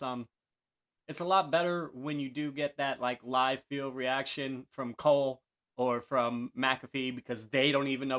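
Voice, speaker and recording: A man hosting a casual wrestling review show, talking loosely with many fillers and restarts and acting out the announcers' lines. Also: medium pitch. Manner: relaxed, many fillers and restarts, acts out quotes. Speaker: podcast host.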